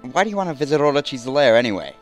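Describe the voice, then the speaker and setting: A man's voice: medium pitch, big pitch swings, racing, faint music behind, natural voice. Man voicing a tiny brash artist, blunt, mocking. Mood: irritated.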